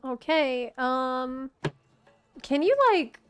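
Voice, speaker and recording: A woman's voice: sits high, extremely slow, soft background music. A woman streamer chatting casually with teammates while gaming, playful and giggly. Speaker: game streamer.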